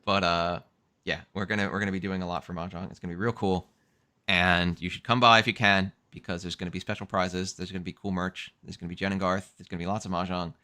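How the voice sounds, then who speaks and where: A man hosting a casual livestream chat, animated, repeating himself and laughing often. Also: deep voice, fast, clean tone. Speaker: host.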